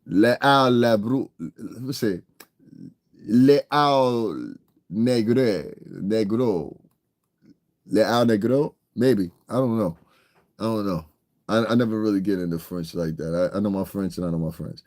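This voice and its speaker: A man giving a profane, confrontational, mocking rant as an online hip hop commentator, swinging between shouting and muttering. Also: on the low side, moderate pace. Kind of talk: ranting streamed commentary.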